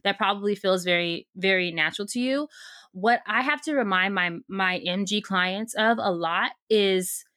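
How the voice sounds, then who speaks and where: An energetic woman talks as a guest coach in a casual podcast chat. She is emphatic and frank, and drops in the odd swear. Her voice sits at a middle pitch and the sound is dry and close. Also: normal speed, dry recording.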